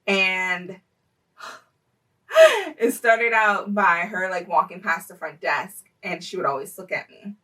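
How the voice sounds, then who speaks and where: A chatty young woman tells a story-time vlog, her voice bright and forward. She leans on fillers and laughs often, and she sits a little back from the mic. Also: mid-range voice, big pitch swings, takes it slowly, long pauses, far from the mic, poor audio. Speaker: vlogger telling a personal story.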